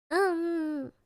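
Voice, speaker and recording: Young woman streamer, high voice, slow giggly chatter with Japanese filler words. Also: a little mellow. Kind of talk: casual chat stream.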